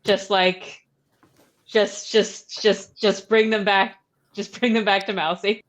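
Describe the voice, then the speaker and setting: A woman's voice: medium pitch, level tone, slow. A woman player at a tabletop game, thinking aloud and repeating herself.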